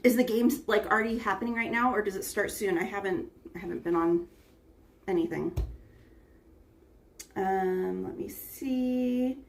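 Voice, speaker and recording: An American cooking livestream host chats casually and greets her viewers by name, one after another. Her mid-range voice carries vocal fry, moves at a measured pace, and pauses often. The phone front camera sits far away, with a bit of hiss or hum.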